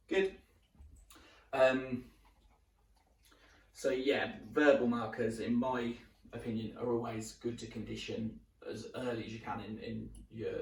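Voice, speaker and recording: Male dog trainer, mid pitch, relaxed teaching delivery, picked up off-mic in a reverberant space. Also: creaky. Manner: repeats a short marker word while explaining; relaxed, with fillers and restarts. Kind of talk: instructional demonstration. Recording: roomy sound from some distance.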